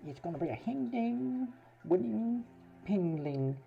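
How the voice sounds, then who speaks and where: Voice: mid-range voice, sing-song, very fast, creaky, slightly rough, highs cut off, voice pushed up, heavily acted. A streamer putting on a hearty, folksy drawling greeter voice, drawn out and sing-song, on a casual stream. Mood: jolly. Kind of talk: jokey put-on accent on an ASMR stream.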